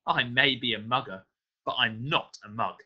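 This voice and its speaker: A man's voice: mid-range voice, moderate pace, pushed and bright, lo-fi sound. A man voicing a sneering, threatening street mugger in a read-aloud storybook. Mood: menacing. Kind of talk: storybook reading.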